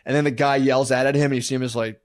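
A young man rambles through a story on a podcast, tossing "dude" into nearly every line and dropping into a lower register to act out what people said. His voice sits at an ordinary middle pitch. The sound is close and dry, with no room around it. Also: fairly even intonation, racing, no room sound. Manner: rambling storyteller, says "dude" constantly, acts out quotes in a low voice. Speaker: podcast co-host. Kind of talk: casual chat.

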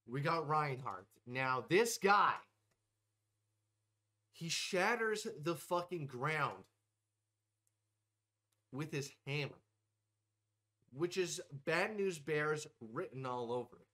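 A man's voice: a little high, expressive, takes it slowly, pauses often, bright, forceful tone. Brash profane young man ranting. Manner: brash, swears constantly, mock-tough bravado. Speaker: host ranking game characters. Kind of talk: profane comedic tier-list rant.

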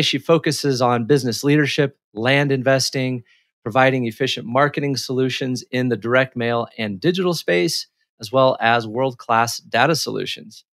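A man's voice: mid-range voice, a bit bright, no room sound. Male podcast host, upbeat, friendly, dry close sound. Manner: upbeat, friendly, talks in bursts. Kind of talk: podcast hosting, casual chat.

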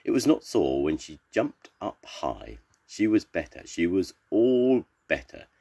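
An older man reading a children's storybook aloud in a slow, expressive way. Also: vocal fry, breathy edge. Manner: slow and expressive, with lots of pitch swings.

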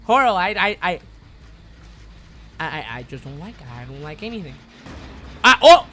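Bright-voiced excitable swearing gamer man. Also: a little high, brisk. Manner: swearing, excitable, talks to the game. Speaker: streamer. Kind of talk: live gameplay commentary.

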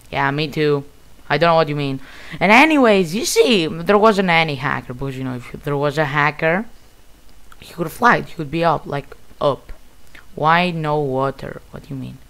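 A man with a Greek accent giving casual, excitable commentary while playing a video game. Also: fairly high pitch, gravelly. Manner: excitable, bursts of loud exclamations. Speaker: gamer.

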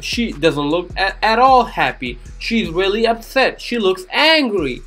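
A woman's voice: medium pitch, very animated, unhurried, hardly any pauses, a bit bright, soft background music. A woman narrating a children's cartoon in a gushing, exclamatory way, keeps asking the young viewers questions. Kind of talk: chatty commentary for children.

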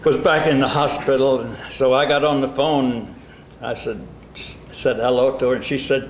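A man's voice: mid-range voice, steady tone, moderate pace, a little hiss or hum. An older man interviewing a guest, recounting anecdotes casually with small restarts and hesitations. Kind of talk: casual reminiscing conversation. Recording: roomy archival interview recording.

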